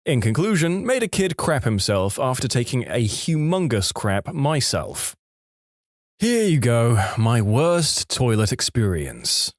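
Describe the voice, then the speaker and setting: A man narrating online stories in a lively scripted storytelling read. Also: medium pitch, slow pace, no room sound, clean studio sound.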